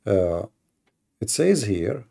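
A man's voice: fairly low pitch, very animated, very slow, gravelly, mellow. A man hosting a live-streamed debate, talking in a mocking, provocative way and challenging his listeners. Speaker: debate livestream host. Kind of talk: combative live-stream monologue.

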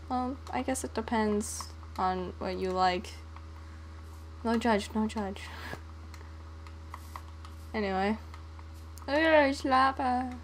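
Young female gaming host, relaxed unhurried delivery, bubbly and prone to humming. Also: medium pitch, a little hiss or hum. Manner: playful, sings and hums to herself. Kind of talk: casual gameplay commentary.

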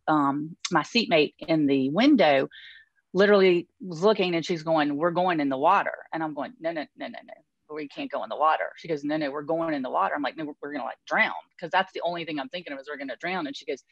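Low, dry-voiced woman, interview guest, lively storyteller, slightly muffled recording. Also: no echo. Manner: animated, acts out quoted voices. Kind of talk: conversational storytelling. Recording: dull, dry sound.

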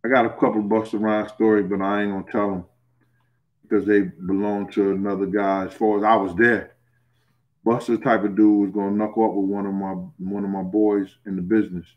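A man's voice: lowish voice, level tone, a little fast, dull audio. A man with a New York accent hosting a casual livestream, reading the chat and telling stories in a streetwise, teasing way with frequent laughter. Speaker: host reading live chat.

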